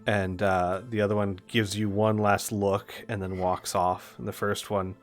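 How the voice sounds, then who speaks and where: A man narrating a tabletop game as game master, lively and animated. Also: lowish voice, unhurried, faint music behind.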